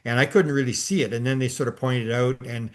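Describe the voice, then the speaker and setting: Older male podcast host, mid-range pitch, loose storyteller who rambles and restarts often. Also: fairly even intonation, fast talker. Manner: rambling, many restarts and fillers. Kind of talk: casual storytelling chat.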